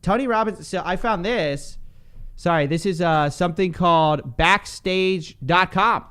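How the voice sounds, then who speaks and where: A man's voice: high-pitched, unhurried, a bit bright, clean tone. A man co-hosting a casual podcast chat, talking sarcastically and breaking into mock announcer lines. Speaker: podcast co-host.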